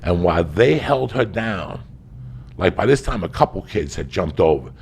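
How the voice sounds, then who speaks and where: Gravelly man telling a wild story. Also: expressive, moderate pace, slight background noise. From New Jersey and New York area. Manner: profane, loud and emphatic, swinging between shouting and low muttering. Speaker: guest storyteller on a podcast. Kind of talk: animated comedic storytelling.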